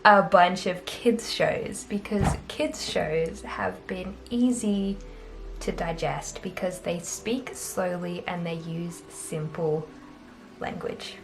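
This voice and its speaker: A woman's voice: lowish voice, takes it slowly, soft background music. A young Australian woman vlogging in a casual, chatty, self-deprecating way, laughing often. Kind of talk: casual chat to camera.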